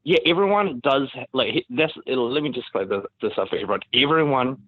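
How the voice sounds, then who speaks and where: A man with a New Zealand accent, an actor being interviewed in a casual podcast chat, animated and laughing often. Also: mid-range voice, fairly quick. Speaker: actor guest. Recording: dry, phone-like remote call audio.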